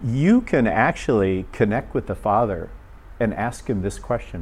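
A man's voice: medium pitch, animated, moderate pace, a little mellow, breathy edge. Man giving a casual, chatty sermon. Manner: informal, asks the audience questions, acts out short voices. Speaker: preacher. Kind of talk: conversational sermon.

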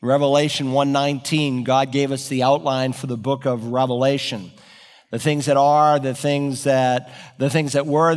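A man's voice: medium pitch, in a large hall. A man preaching an expository sermon, explaining Greek word order and building to emphatic peaks. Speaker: pastor.

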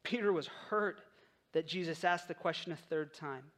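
A man with a fairly high voice gives a sermon in a relaxed, conversational way. He tells the story and acts out the lines of the people in it. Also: normal speed. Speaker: pastor.

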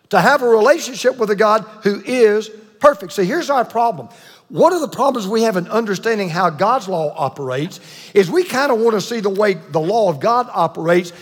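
High-voiced preacher in a reverberant hall. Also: male voice. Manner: emphatic preaching, repeats key lines, asks the congregation to respond. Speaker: pastor. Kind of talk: sermon.

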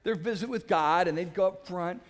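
High-voiced animated man telling his story. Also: normal speed. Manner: animated storyteller, laughs at himself, stumbling repeats; passionate and loud by his own account. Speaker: speaker sharing his faith testimony. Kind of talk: personal testimony talk.

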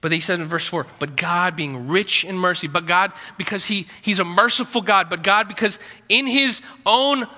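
A man's voice: high voice, moderate pace, sharp tone, in a large hall. A man preaching a sermon as a pastor, conversational, with asides and repeated words.

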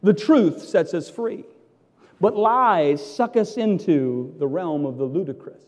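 Theatrical preacher with a lively voice. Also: male voice, high-pitched, slow pace, long reverb tail. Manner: emphatic, theatrical, swings from loud to hushed. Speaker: pastor. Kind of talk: sermon.

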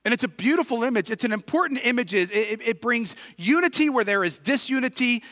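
A male pastor with a Midwestern American accent preaching a sermon, moving from quiet reflection to shouted emphasis. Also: very high-pitched, animated, brisk. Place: church sanctuary. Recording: reverberant hall, distant at times.

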